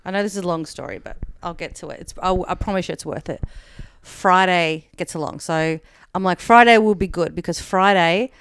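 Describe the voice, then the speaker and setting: Chatty woman comedian with a smooth voice. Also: lowish voice, fairly even intonation, brisk, hardly any pauses, fairly bright tone, no echo. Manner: chatty, peppered with "like", acts out quoted dialogue. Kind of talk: casual podcast storytelling.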